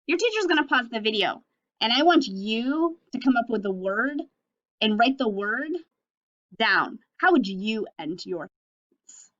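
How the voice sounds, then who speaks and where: A woman teaching young children a phonics and sentence lesson on video, speaking slowly and clearly in an encouraging way. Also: on the high side, expressive, a bit bright. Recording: slightly dull lo-fi audio.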